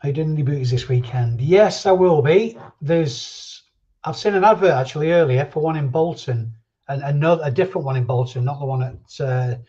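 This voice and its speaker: A man's voice: a little high, a little fast, dark tone. Chatty man streaming live. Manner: chatty, answers viewer comments and drifts between thoughts. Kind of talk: casual live chat. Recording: dull lo-fi stream audio.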